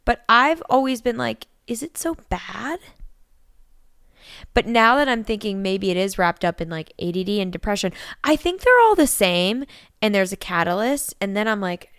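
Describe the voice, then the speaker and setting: A woman's voice: medium pitch, animated, moderate pace, fairly bright tone, clear, resonant tone, no room sound, clean studio sound. A young woman co-hosting a podcast, rambling in casual chat and self-deprecating, with lots of "like" in her sentences. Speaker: podcast co-host.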